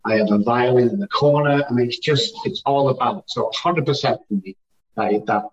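A man's voice: mid-range voice, fairly quick. Emphatic man on distant, muffled audio. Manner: emphatic, repeats phrases for effect. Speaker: guest, addiction recovery speaker. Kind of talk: conversational interview storytelling.

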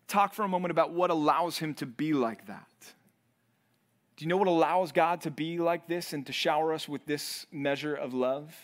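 High-voiced man preaching with fervor. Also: fairly bright tone. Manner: earnest preaching, voice swelling and dropping low for emphasis; repeats and restarts words while building intensity. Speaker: pastor. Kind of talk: sermon.

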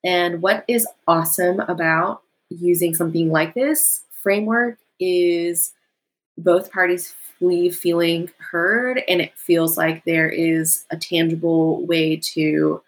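Low-voiced woman explaining casually. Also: slow, poor audio. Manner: relaxed and explanatory, frequent "like" fillers. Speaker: podcast guest. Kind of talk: conversational explanation.

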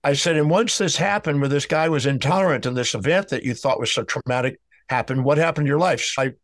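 Fast and fairly high-pitched, this man's voice comes through without any room sound. Speaking about emotional healing in an interview, he tells a story, presses his points hard, and performs both roles in a dialogue.

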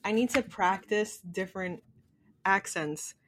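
A woman's voice: medium pitch, measured pace, fairly bright tone. A woman co-hosting a podcast, chatting casually and easily set off into giggles. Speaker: podcast co-host. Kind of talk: casual chat.

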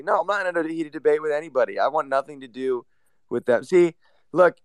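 A man's voice: a little high, brisk, smooth, no room sound. A man on a casual voice chat, mocking others and defending himself.

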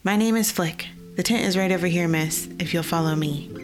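A woman voicing a nervous male camp guard with a soft, scratchy voice, hesitant and apologetic. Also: fairly low pitch, fairly quick, faint music behind, lightly acted. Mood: timid.

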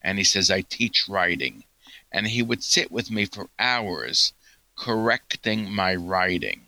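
A man's voice: sits low, lively intonation, slow pace, gravelly, pushed and bright, dry recording, low-quality recording. A man being interviewed as a guest scientist, answering earnestly and telling stories, often quoting what others said. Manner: earnest, storytelling, quotes others.

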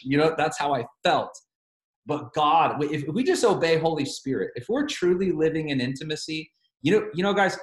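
Animated preacher man telling a story. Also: a little high, roomy sound. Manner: animated storytelling, quoting both sides of a phone call. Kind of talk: sermon storytelling.

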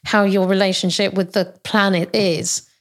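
A woman's voice: mid-range voice, flat delivery, moderate pace. A woman co-hosting a podcast, chiming in with wry interjections during a casual chat.

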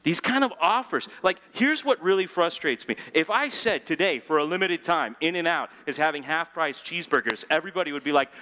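Man, pastor, humorous sermon, animated delivery, rhetorical questions, church. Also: fairly high pitch, brisk, few pauses.

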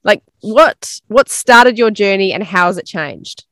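Woman, podcast host, casual interview, friendly questions, encouraging interjections, mid pitch. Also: expressive, measured pace, fairly bright tone.

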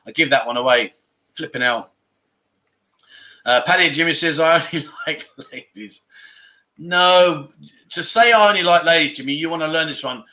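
A man hosts a casual livestream, reading viewer comments aloud and laughing often as he goes. His voice sits a bit high and sounds bright and sharp. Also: moderate pace, pauses often. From England. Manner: giggly, laughs often between lines. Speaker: livestream host.

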